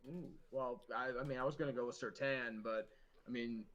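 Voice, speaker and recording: Easygoing male co-host, mid pitch, muffled lo-fi sound. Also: fairly even intonation, moderate pace, a bit bright. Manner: easygoing, hesitant fillers. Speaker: stream co-host. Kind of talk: casual live-stream chat.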